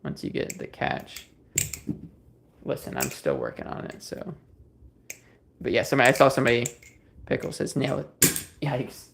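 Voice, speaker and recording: Male streamer, relaxed and rambling, reads and answers chat; voice has a gravelly edge. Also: mid-range voice, moderate pace, long pauses, a little hiss or hum. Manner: rambling, easygoing, many fillers and restarts. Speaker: livestream host. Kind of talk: casual livestream chat, reading viewer comments.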